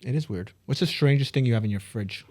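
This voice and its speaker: A man's voice: medium pitch, fast talker, darkish tone. A man hosting a podcast, firing off playful questions in a rambling, joking way. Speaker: podcast host. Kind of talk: casual chat.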